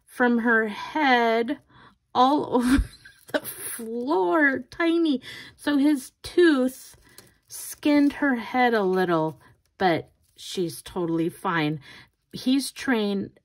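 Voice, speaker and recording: An older woman and grandmother chatting casually while doing her nails, telling a rambling story with laughs and restarts. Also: mid-range voice. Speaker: nail art vlogger.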